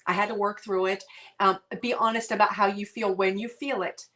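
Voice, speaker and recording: A middle-aged woman, a guest author, sharing heartfelt personal stories in an earnest, halting way with many restarts. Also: medium pitch, fairly even intonation, sharp tone.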